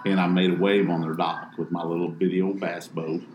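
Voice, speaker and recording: A professional bass angler telling a story in casual talk, animating it by acting out the others. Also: male voice, flat delivery, fairly quick, roomy sound, highs cut off, slight background noise.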